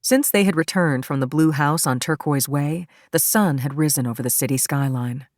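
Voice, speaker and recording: Woman narrator for a thriller audiobook, very low voice, dry close sound, steady. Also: moderate pace, dry recording. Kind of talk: scripted narration.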